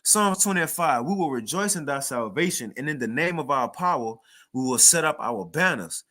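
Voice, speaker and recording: A man's voice: a little high, expressive, normal speed, pushed and bright. A man preaching in a casual, slangy way, talking conversationally and reading scripture aloud between his comments.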